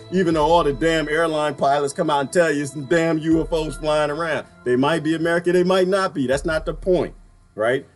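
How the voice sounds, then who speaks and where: A man hosting a casual livestream, ranting in an animated way and laughing often as he reads viewer comments. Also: a little high. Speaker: livestream host.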